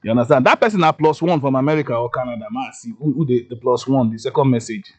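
A man's voice: mid-range voice, fast, darkish tone, breathy edge. A man with a Nigerian accent hosting a radio show, chatting casually and joking, often checking "you understand?". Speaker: radio host. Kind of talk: casual radio chat in Pidgin English.

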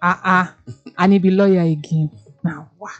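A woman's voice: on the low side, steady tone, normal speed, highs cut off, soft background music. A woman from Nigeria with a Nigerian accent, hosting a radio show and chatting playfully in Pidgin. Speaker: radio host. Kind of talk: casual radio chat in Pidgin.

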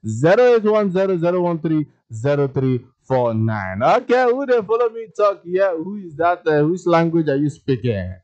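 Jokey Nigerian Pidgin radio host. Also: male voice, a little high, normal speed, few pauses. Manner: lively, jokey, reads listener messages aloud. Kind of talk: radio phone-in chat. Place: radio studio. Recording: dull lo-fi radio broadcast.

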